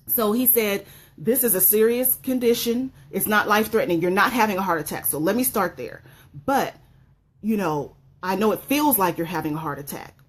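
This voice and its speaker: A woman's voice: medium pitch, breathy edge. A woman giving an emotional personal testimony as a motivational speaker, repeating phrases for emphasis.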